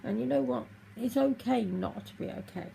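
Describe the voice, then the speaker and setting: Tearful woman with a gravelly voice. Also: on the high side, expressive, mellow, a little hiss or hum, rough recording. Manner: halting, emotional, confessional. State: tearful, crying. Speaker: vlogger. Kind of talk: personal vlog talking to camera.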